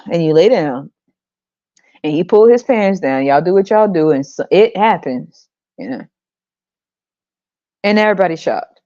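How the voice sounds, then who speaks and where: A woman's voice: expressive, measured pace, long pauses, warm tone, dry recording. Profane, mocking American woman podcaster. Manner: profane, mocking, laughs often, mimics people in a high voice. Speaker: podcast host. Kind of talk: casual monologue rant. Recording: dull lo-fi sound.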